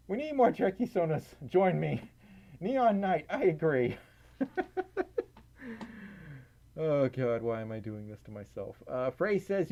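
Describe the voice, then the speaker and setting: Southern man livestream host, lively giggly delivery, slightly raised pitch, lo-fi stream audio. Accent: Southern American. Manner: giggly, self-deprecating, lots of fillers. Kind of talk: casual livestream chat reading donations.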